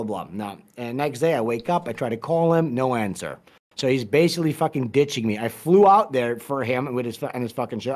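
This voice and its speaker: A man telling a story as a podcast guest, casual, profane and rambling, with many restarts. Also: mid-range voice.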